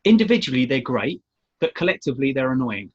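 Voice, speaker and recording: Brief: husky British male co-host, loose rambling chat, muffled lo-fi recording. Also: mid-range voice, sing-song, fast. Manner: rambling, lots of fillers. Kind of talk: casual chat show. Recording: dull lo-fi sound.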